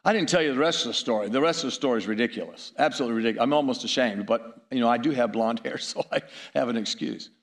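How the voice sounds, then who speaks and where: A man's voice: medium pitch, rapid-fire, hardly any pauses. A middle-aged man preaching a sermon, telling stories with chuckles and asides to the audience.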